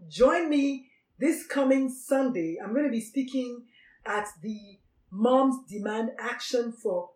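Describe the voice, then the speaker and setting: A woman's voice: fairly high pitch, a little mellow, roomy sound, recorded from a distance, low-quality recording. A woman gives an emphatic, preachy talk to doctors and repeats her key phrases. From Nigeria. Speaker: physician speaker on doctor suicide. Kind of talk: motivational talk.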